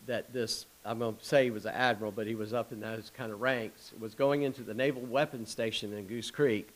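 A man's voice: lowish voice, rough recording. Folksy man preaching a sermon. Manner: folksy storytelling, quick asides, chuckles. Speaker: pastor.

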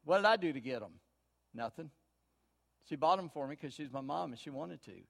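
Preacher guy, kinda high voice, folksy stories, goes quiet then gets loud. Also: lively intonation, a little fast, gravelly. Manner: folksy, storytelling, swings from quiet asides to loud emphasis. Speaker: pastor. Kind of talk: sermon.

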